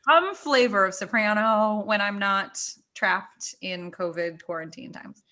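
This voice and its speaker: A woman co-hosting a casual chat, telling stories in an animated way, laughing often and saying "like" a lot. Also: mid-range voice, a little slow, a little hiss or hum. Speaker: co-host.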